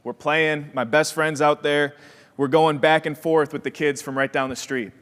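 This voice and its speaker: A young man from Wisconsin giving a motivational keynote, telling his story with energy and acting out the voices in it. His voice sits a little higher than most men's. The sound carries a long reverb from a large hall. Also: moderate pace. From Wisconsin, USA. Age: young adult. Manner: energetic storyteller who acts out quoted voices. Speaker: keynote speaker.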